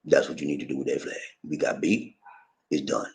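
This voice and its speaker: A man's voice: fairly even intonation, a little fast, gravelly. A man voicing an older general who firmly tells his soldiers to put the flag away. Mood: resigned. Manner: low, quiet, firm. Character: calm stern older male general.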